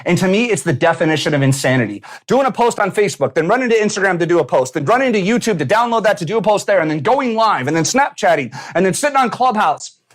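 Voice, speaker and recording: A man hosting a business coaching show, talking in a punchy, animated way and acting out little quotes. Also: high voice, fast. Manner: punchy, animated, casual swearing, acts out quotes. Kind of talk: energetic motivational talk to camera. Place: San Diego.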